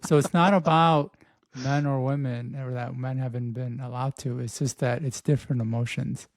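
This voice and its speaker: A man who is a guest on a podcast, explaining his view in a measured way. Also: medium pitch, steady tone, no echo. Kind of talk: casual podcast conversation.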